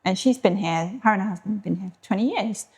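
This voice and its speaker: A woman's voice: medium pitch, fast talker, vocal fry, husky. A middle-aged British woman co-hosting a podcast, chatting and telling stories in a friendly way. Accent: British English. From Britain. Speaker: podcast co-host. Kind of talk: casual chat.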